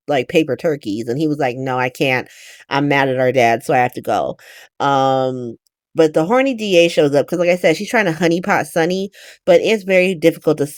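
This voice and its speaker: A woman's voice: deep voice, dry recording, studio quality. A woman hosting a podcast, recapping a soap opera in casual, profane, slangy chat. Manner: animated, profane, slangy, gossipy. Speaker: podcast host.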